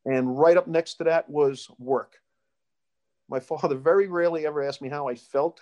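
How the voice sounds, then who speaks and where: A man's voice: medium pitch, moderate pace, a little mellow, muffled recording. A middle-aged man being interviewed, telling life stories in a rambling way with many restarts. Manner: rambling, with restarts and storytelling asides. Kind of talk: casual life-story interview.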